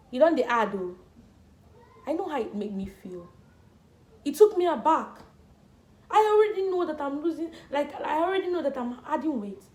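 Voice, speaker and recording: A young woman speaks earnestly to camera, pressing her points and repeating words for emphasis. Her voice sits high. The room around her rings with echo. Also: dark tone. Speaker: vlogger. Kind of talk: personal talk to camera. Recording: echoey room.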